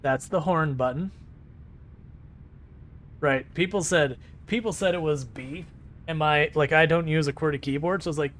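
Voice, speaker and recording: A man's voice: fairly high pitch, normal speed, pauses often, fairly bright tone. A man casually chatting with his live-stream viewers while driving in a game, rambling and laughing easily. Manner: talks to chat while driving.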